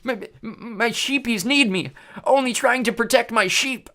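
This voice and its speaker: Figure: a cruel, self-pitying cyclops giant. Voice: strained and pitched far up, drawn out slowly, bellowing or whimpering. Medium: storybook reading. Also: male voice, bright, forceful tone, heavily acted. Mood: pitiful. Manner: bellowing, then whimpering and sobbing. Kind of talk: storybook character voice.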